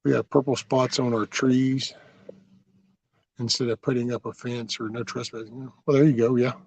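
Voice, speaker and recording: A man's voice: medium pitch, level tone, moderate pace, darkish tone, no echo. A man hosting a livestream, rambling through folksy stories with mild cursing as he answers viewer comments. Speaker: livestream host.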